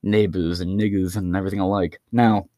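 A man's voice: low-pitched, flat delivery, brisk, warm tone, dry recording, studio quality. A man hosting his own podcast, delivering a crude, profane, rambling stand-up style rant. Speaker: podcast host.

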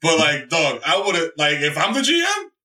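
Excitable high-voiced man from the Bronx. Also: normal speed, reverberant, recorded from a distance. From the Bronx, New York. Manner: excitable, profane, acts out quotes with shouts. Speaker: guest. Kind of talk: animated casual storytelling.

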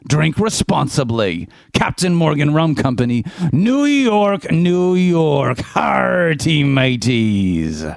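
A boisterous, jolly pirate captain, put on by a man, drawling his words and swinging his pitch up and down. His voice is gravelly and a bit high, and the sound is dry and close. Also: sing-song, slow, few pauses, no echo, exaggerated voice. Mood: hammy. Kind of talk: comic ad read in character.

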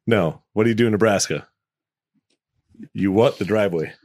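A man co-hosting a podcast, leading the banter in a lively, teasing, profane way. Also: lowish voice, normal speed, no room sound, clean studio sound. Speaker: podcast co-host. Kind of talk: casual chat.

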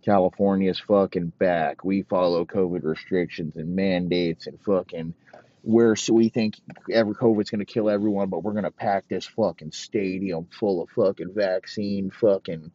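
A man's voice: sits low, fairly even intonation, normal speed, mellow, dry recording. A man hosting a show, delivering a rambling, profane comedic rant full of mock outrage and heavy swearing. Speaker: podcast host. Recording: dull, dry lo-fi recording.

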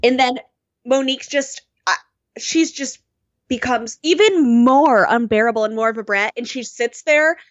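A woman's voice: fairly high pitch, normal speed. Young woman co-host, dull lo-fi sound. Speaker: podcast co-host. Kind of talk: casual chat recapping a reality show.

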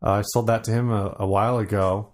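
A man's voice: on the low side, steady tone, quick pace. A man co-hosting a casual podcast, talking with hesitant fillers and dry, sarcastic asides. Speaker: podcast co-host. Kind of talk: casual chat.

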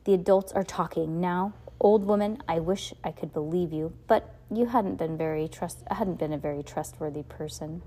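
A woman's voice: lowish voice, normal speed, hardly any pauses, dark tone, natural voice. A woman reading aloud, voicing a scheming, sneering villain with a mocking, impatient manner.

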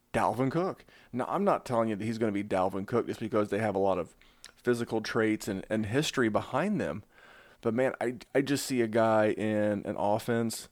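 A man hosting a casual fantasy football podcast, talking through his analysis in a conversational, animated way. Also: lowish voice, no echo. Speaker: podcast host.

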